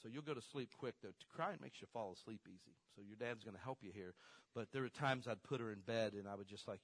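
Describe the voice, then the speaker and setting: A man preaching a conversational sermon as a pastor, swinging between loud emphatic bursts and quiet storytelling asides. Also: lowish voice, quick pace, dry recording.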